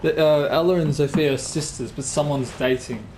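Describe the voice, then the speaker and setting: A man's voice: fairly high pitch, moderate pace, a crowd in the background. Young man rambling in voice chat. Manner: rambling, laughs through his story. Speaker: gamer in party chat. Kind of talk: casual storytelling chat. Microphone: headset over voice chat.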